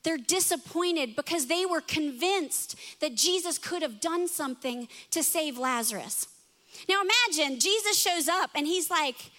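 A woman in her thirties preaching a sermon, telling stories with lively acted-out voices. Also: extremely high pitch, unhurried. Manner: animated storytelling, acting out voices in quotes. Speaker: pastor.

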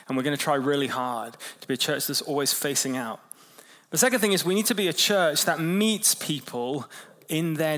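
A man preaching a sermon in a relaxed, conversational way, telling stories and quickening and slowing his pace. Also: medium pitch. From England. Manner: conversational preaching with storytelling, lively shifts in pace. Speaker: pastor.

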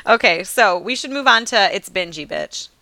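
A woman's voice: medium pitch, lively intonation, normal speed, bright, forceful tone, no echo. Chatty, self-mocking female co-host. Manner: chatty storyteller, laughs often, self-mocking. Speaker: podcast co-host. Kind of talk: casual chat.

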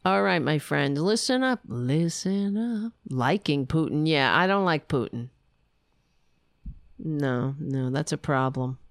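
A woman's voice: low-pitched, slow, gravelly, smooth, no echo, clean studio sound. A middle-aged woman hosting a casual livestream, ranting bluntly and chatting with her viewers and her cats. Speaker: livestream host. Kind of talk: casual political livestream chat.

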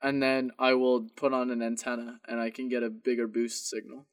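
A man's voice: mid-range voice, little pitch movement, moderate pace, no room sound, clean studio sound. A young man on a podcast telling a rambling story about wrong-number phone calls, acting out both sides of each call. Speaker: podcast co-host. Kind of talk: casual storytelling.

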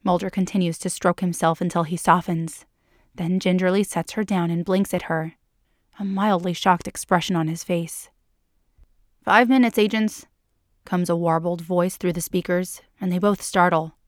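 A woman narrating a story for a podcast in a calm, unhurried reading voice. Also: lowish voice, dry recording, clean studio sound.

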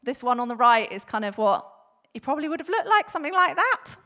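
A woman speaking to a church in a relaxed, conversational sermon. Her voice sits a little high, and she talks with lots of fillers and quick restarts. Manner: chatty, laughs often, many fillers and restarts; animated, acts out bible quotes with voices. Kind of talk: casual sermon talk.

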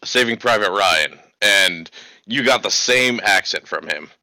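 A man's voice: on the low side, expressive, a little slow, bright, forceful tone, no echo. A man co-hosting a casual podcast, making dry teasing remarks. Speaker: podcast co-host.

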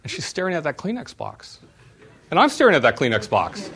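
A middle-aged man, a former startup CEO, giving a university talk and telling personal stories in an animated way. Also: on the high side, fairly quick. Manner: animated storyteller, voice jumps up when retelling exchanges.

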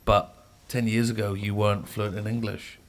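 A man's voice: lowish voice, level tone, normal speed. A man co-hosting a comedy chat show with cheeky, sweary interjections. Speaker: co-host.

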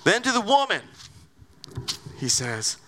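Brief: male pastor giving a sermon, high, lively voice, conversational and animated, lots of rhetorical questions. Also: slow pace.

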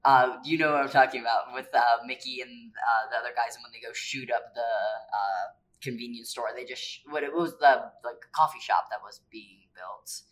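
A woman's voice: rumbling low, moderate pace, hardly any pauses, low-quality recording. A woman co-hosting a podcast in casual chat, offering rambling, hesitant asides with plenty of fillers. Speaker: podcast co-host.

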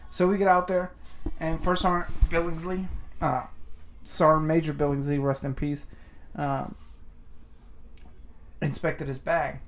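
A man who is an army sergeant veteran, telling animated, profane stories and mimicking the people in them. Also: on the high side, a little slow, long pauses. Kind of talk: casual storytelling chat.

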